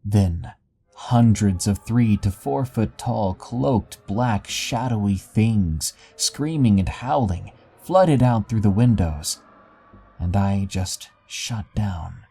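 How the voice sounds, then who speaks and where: A man narrating scary stories in a measured, dramatic storytelling way. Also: lowish voice, creaky, dark tone, husky. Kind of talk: scripted horror story narration.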